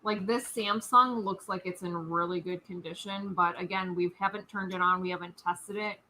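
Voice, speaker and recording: A woman's voice: mid-range voice, fairly even intonation, moderate pace, pushed and bright, rough recording. A woman co-hosting a live online auction stream, chatting casually as she describes the lot. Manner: chatty, describes items plainly.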